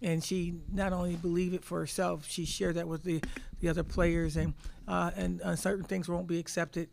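Woman coach in her 50s at a presser, gravelly fry in her voice, emphatic, keeps restarting words. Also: fairly low pitch, little pitch movement, moderate pace, a little mellow. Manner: emphatic storyteller, repeats words while thinking. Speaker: head basketball coach. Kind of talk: press conference answers.

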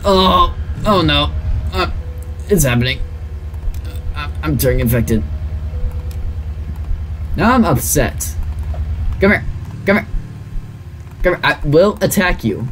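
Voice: medium pitch, lively intonation, slow pace, long pauses, fairly bright tone, slight background noise. A gaming channel host giving gameplay commentary, reacting dramatically to the game and talking to its characters.

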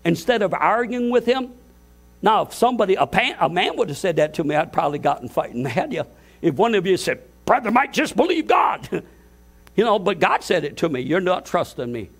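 An older pastor preaches with a high voice at a church service. He builds to fervent shouts and trips over his own restarts. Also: lively intonation, brisk, gravelly. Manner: impassioned, climbing to shouts, stumbling restarts. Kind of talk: sermon.

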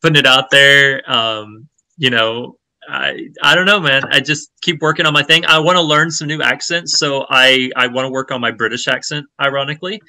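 Bright, tense male voice from New Orleans, relaxed, casual interview guest who hesitates a lot. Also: mid-range voice, moderate pace. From New Orleans, USA. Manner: relaxed, hesitant with many ums. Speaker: guest actor.

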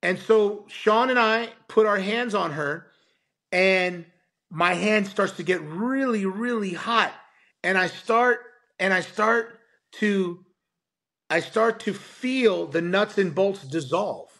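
A man's voice: sits high, slow. A man, a pastor, telling a testimony as a podcast guest and acting out the voices of the people in it. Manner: animated, acts out quoted voices. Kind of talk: storytelling testimony.

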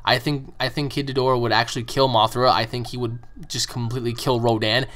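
A man's voice: medium pitch, flat delivery, a little fast, a bit bright. A man hosting his own channel, answering fan questions in a rambling, profane monologue full of repeated words. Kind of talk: casual opinionated monologue.

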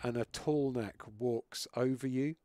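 British male streamer, middle pitch, dry close sound, casual joking chat with swearing. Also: fairly even intonation, unhurried, warm tone, dry recording. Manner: chatty, swears freely, jokey. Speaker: game streamer. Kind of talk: casual chat while gaming live.

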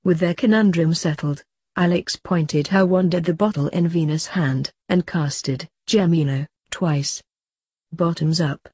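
A woman reading fanfiction aloud in a steady storytelling voice. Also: on the low side, slightly rough, dry recording. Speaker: fanfiction reader.

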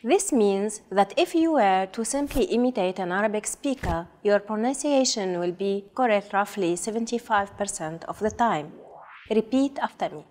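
A woman co-hosting a language lesson, saying example words slowly and clearly for learners to repeat. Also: mid-range voice, lively intonation, darkish tone. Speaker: co-host and pronunciation model. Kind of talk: slow model pronunciation for repetition.

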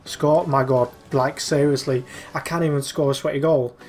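A man's voice: a little high, fairly even intonation, moderate pace, darkish tone, faint music behind. A young man commentating live over a football video game, exasperated and urging his players on. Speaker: gaming YouTuber.

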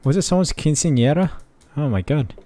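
A man's voice: on the high side, expressive, a little fast, warm tone. A young man giving muttered, sarcastic let's-play commentary from his desk microphone. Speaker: gaming channel host.

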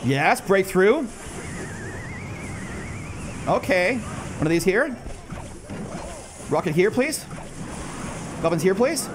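A man with a high, very lively voice comments on his own game matches in casual streamer fashion. He swings from quick, low asides to loud, incredulous shouts. Soft music plays underneath. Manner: excitable, bursts into high disbelieving shouts. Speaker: gaming channel host. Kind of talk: live gameplay commentary.

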